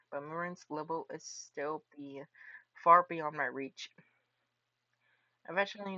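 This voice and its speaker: Bright-voiced man reading a game aloud. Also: on the high side, dry recording, dull audio. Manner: animated, yells and laughs in reaction. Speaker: game streamer. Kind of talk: reading a visual novel aloud with reactions.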